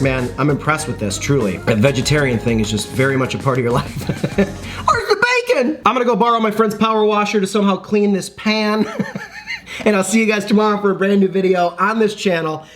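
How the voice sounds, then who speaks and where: A man in his thirties with a slightly high voice talks casually through a food review in his home kitchen. He laughs easily and fills his talk with little fillers. Music plays clearly behind him. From Midwestern US. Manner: chatty, laughing, lots of fillers. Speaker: food vlogger host. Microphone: external microphone.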